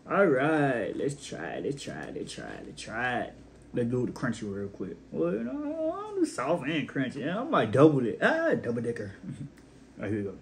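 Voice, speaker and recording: A man's voice: mid-range voice, wildly swooping pitch, moderate pace, vocal fry, a little hiss or hum. A young man hosting his own casual cooking vlog, laid-back and talking straight to his viewers while he tastes his food. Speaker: cooking vlogger.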